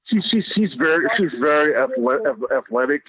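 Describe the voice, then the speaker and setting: A man's voice: fairly high pitch, expressive, a little fast, fairly bright tone, slightly rough, dry recording. Stammering man on a tinny line. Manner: stammering, repeats words. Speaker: podcast co-host. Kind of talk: casual chat. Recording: tinny phone-line sound.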